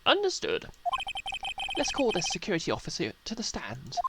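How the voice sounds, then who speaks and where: A woman's voice: fairly low pitch, wildly swooping pitch, moderate pace, vocal fry, very noisy, voice pushed up, full character voice. Woman doing an old male judge. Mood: stern. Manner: formal rulings. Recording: loud game music behind.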